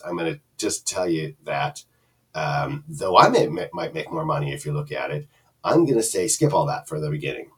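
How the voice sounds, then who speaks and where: Casual reviewer, low lively voice, chatty and meandering, recorded slightly distant from the mic. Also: male voice, slightly rough. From Canada. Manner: rambling, chatty, many fillers and restarts. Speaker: product reviewer. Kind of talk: casual screen-share review.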